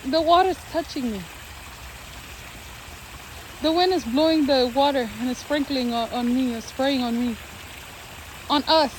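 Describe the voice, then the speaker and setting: Playful high-voiced woman vlogging outdoors. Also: unhurried, long pauses, poor audio. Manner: playful, sing-song baby talk. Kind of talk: casual vlog chat while walking with a baby. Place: outdoors by water in a city park. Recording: faint outdoor noise.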